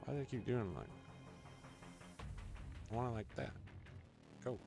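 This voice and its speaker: A man's voice: mid-range voice, animated, a little slow, gravelly, mellow, faint music behind. A man live-streaming, chatting casually and playfully goading a chatbot. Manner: playful, goofing around with a chatbot.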